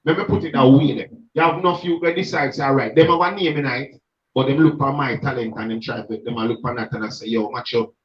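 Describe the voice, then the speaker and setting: A man's voice: medium pitch, fast. A man with a Jamaican accent, an emphatic street gospel minister who preaches in patois during a conversation. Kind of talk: passionate reasoning conversation. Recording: echoey, distant, muffled sound.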